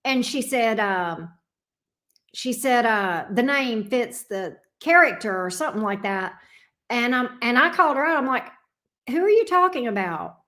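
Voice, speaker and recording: Reading viewer comments on her livestream, a middle-aged tarot reader chats casually and bluntly, sassy and swearing freely. She speaks a little slowly in a fairly high, expressive voice with a sharp edge.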